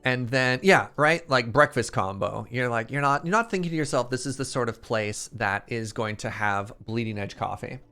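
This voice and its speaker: An animated man tells a rambling story in a casual stream chat. His voice sits at an ordinary middle pitch and jumps up whenever something excites him. Faint background music plays under him. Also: smooth. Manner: animated, excitable storyteller, quick quoted asides.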